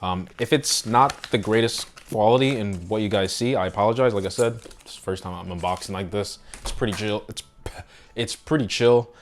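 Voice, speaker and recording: A man doing a casual late-night unboxing at home. He is slightly out of breath and swings between quiet asides and loud excited exclamations. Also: on the low side, fairly quick, a little hiss or hum. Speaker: tech unboxing vlogger.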